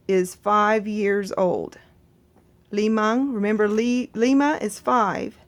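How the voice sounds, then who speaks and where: Slow, patient woman teaching vocabulary. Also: mid-range voice. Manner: patient, reassuring, repeats words and translates them. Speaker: language teacher. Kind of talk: slow explanatory language lesson.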